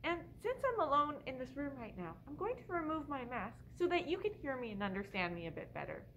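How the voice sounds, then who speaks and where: A young woman leading a baby storytime as a children's librarian, talking in a gentle sing-song voice and singing simple songs and rhymes. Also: high voice, big pitch swings, a little fast, highs cut off, a little hiss or hum. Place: indoors, room at a library. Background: light ukulele accompaniment.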